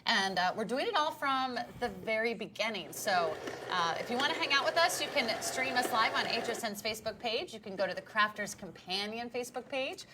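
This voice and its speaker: A woman's voice: fairly high pitch, expressive, fairly quick, noisy background. A woman hosting a live shopping broadcast, upbeat and encouraging, reading out viewer questions and pointing to products. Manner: upbeat, encouraging, short affirmations. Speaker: shopping channel host.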